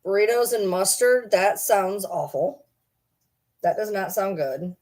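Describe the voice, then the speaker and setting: This Michigan streamer has a mid-range, slightly slow and mellow voice as she chats loosely with viewers, rambling from topic to topic. She's chatty and teasing, uses baby talk with her pets, and fondly scolds her pet along the way.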